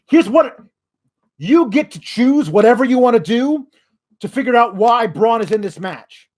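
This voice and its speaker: A man's voice: very high-pitched, expressive, measured pace, a little mellow. A man hosting a wrestling podcast, ranting in exasperation with frequent swearing. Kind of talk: podcast rant.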